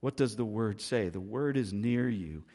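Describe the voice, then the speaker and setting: A male pastor preaches with a husky, breathy edge to his voice. He swings between loud, pressing emphasis and soft, hushed asides, sounding like a sermon from the pulpit. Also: lowish voice, unhurried.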